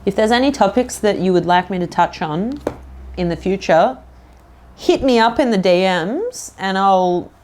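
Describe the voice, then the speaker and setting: This podcast host is a woman whose mid-range voice sounds expressive, a little slow, and a bit mellow. Alone at the mic, she chats casually and rambles, padding her sentences with "like" and "um" and drifting into playful fake accents.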